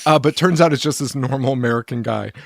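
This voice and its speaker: A man's voice: medium pitch, fast talker, creaky, dry recording, clean studio sound. A man co-hosting a casual film podcast, rambling and swearing, laughing often. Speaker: podcast co-host. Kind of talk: casual chat about films.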